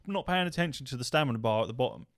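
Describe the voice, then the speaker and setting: Animated, swearing podcast host. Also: male voice, medium pitch, racing, dry recording, clean studio sound. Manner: animated anecdote-telling, swears freely, acts out shouting. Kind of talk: casual chat, storytelling.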